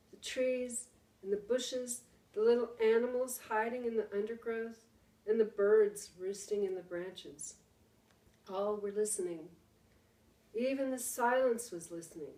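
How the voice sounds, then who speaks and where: A woman teacher reads a story aloud to her class, slowly and dramatically, dropping to a hush at the tense moments. Her voice is a little high, and it sounds roomy and distant from the mic. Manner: slow, dramatic reading with hushed pauses.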